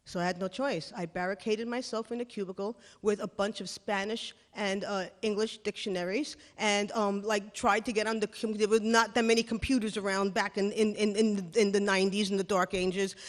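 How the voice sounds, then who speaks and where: A woman telling a funny personal story live on stage, animated and sarcastic as she acts out the scenes. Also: mid-range voice, normal speed, few pauses, long reverb tail. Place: small stage venue.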